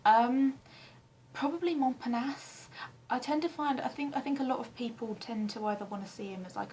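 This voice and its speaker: A young woman from England chatting casually to camera in her flat, rambling and self-deprecating with frequent ums and the odd swear word. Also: medium pitch, moderate pace, slight background noise, rough recording. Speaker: vlogger answering a tag questionnaire. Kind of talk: casual chat. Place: flat, indoors.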